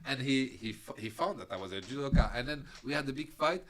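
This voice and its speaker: Guy telling wild stories on a podcast, bright voice, laughs a lot. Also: medium pitch, quick pace. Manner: animated, laughs often, drops into character voices. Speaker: podcast guest. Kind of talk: casual storytelling.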